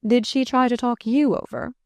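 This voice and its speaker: A woman voicing a charming, flustered gentleman who speaks to a child fondly and teasingly but uneasily, in an audiobook. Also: fairly high pitch, steady tone, moderate pace, no echo, voice pushed up, natural voice.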